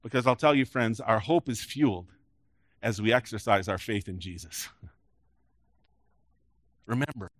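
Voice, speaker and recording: A man preaching a sermon as a pastor, earnest, dropping to a hush and rising loud, often repeating words as he restarts. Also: on the low side, moderate pace, long pauses, dry recording.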